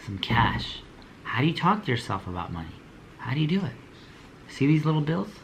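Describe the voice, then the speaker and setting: A young man coaching small business owners in a motivational talk. He preaches in blunt, slangy bursts and repeats his slogans again and again. His voice sits at a middle pitch, with faint ambient noise behind him. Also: sing-song, fairly quick, a bit bright. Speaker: motivational speaker.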